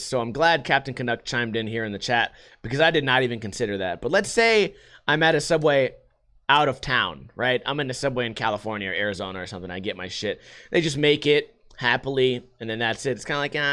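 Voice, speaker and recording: A man's voice: medium pitch, fast talker. A young adult man from Las Vegas telling stories in a casual, profane rant, acting out what other people said. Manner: profane, animated, acts out quotes in other voices. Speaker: podcast host.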